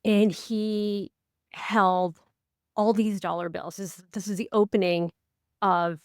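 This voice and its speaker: A woman co-hosting a podcast in a casual, talkative way, with a middle-range voice. She tells stories animatedly and jumps up high when she acts out quotes. The sound is dry and close. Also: slow pace, no echo. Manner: animated storyteller, acts out quotes with big pitch swings. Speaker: podcast co-host and life coach.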